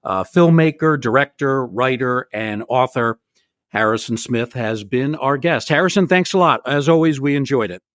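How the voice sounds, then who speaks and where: Male host, measured sign-off, halting, dry mic. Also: mid-range voice, fairly bright tone, no room sound. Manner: measured, with frequent uh fillers. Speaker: podcast host. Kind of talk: podcast sign-off.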